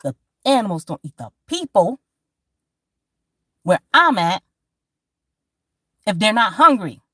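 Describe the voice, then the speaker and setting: A woman from Georgia, talking in a rambling, profane, animated monologue as a vlogger. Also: medium pitch, takes it slowly, no room sound, studio quality. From Georgia, USA. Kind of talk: casual monologue to camera.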